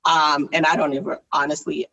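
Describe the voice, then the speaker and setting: A woman in her thirties or forties, animated and laughing often as she tells a story in casual conversation. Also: deep voice, brisk, gravelly, breathy edge, lo-fi sound. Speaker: guest. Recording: distant from the mic.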